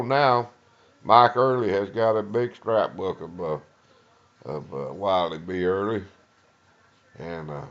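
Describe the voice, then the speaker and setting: The speaker, an older man from East Texas with a Southern accent, is a retired lawman and Vietnam veteran telling his story. His low, creaky voice wanders and pauses on many uhs as he acts out quoted dialogue, and the audio's high end is cut off.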